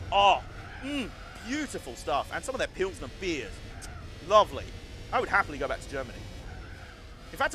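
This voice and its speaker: A man's voice: fairly high pitch, bright, forceful tone. A man chatting casually and self-deprecatingly as he live-streams a racing game, wandering into side stories.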